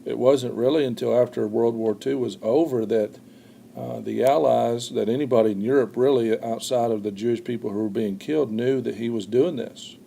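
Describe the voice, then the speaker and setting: A man teaching a history lesson in an explaining tone, often pausing with "uh" and repeating words as he goes. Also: mid-range voice, steady tone, gravelly, dark tone. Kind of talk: recorded classroom lecture.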